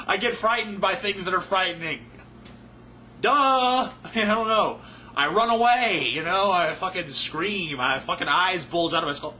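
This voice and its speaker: A man's voice: fairly high pitch, expressive, normal speed, pushed and bright, slight background noise. A man ranting profanely and sarcastically to camera as he answers viewer questions, rambling and a little drunk. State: tipsy, not sober. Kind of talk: casual rant to camera.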